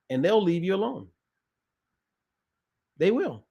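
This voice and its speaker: A man's voice: on the high side, sing-song, a little slow, creaky, pauses often, pushed and bright, slightly rough. A man talking to camera as a nutrition coach in a casual, emphatic way, often repeating phrases for emphasis. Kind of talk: casual direct-to-camera talk.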